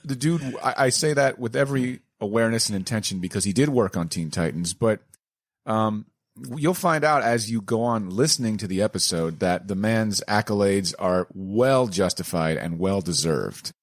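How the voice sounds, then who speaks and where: A man's voice: fairly low pitch, animated, moderate pace, no echo. A man co-hosting a comic book podcast, teasing his friends with sarcastic, profane banter. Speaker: podcast co-host. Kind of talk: casual chat.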